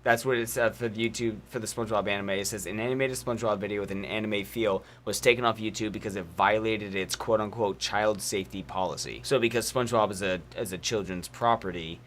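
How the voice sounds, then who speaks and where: A man hosting a casual podcast chat, talking in animated, rambling opinions and swearing freely. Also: fairly low pitch, quick pace, hardly any pauses, slight background noise. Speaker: podcast host.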